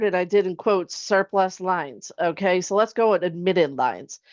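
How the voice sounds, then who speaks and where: A woman's voice: on the low side, measured pace, no room sound. A woman insurance agent presenting an online webinar in a conversational way. She often checks in with "okay?" and asks rhetorical questions. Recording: dull lo-fi online webinar audio.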